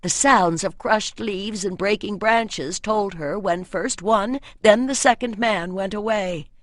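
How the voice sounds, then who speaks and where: A woman narrating a fantasy audiobook in a measured, expressive reading voice. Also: medium pitch, no room sound, studio quality.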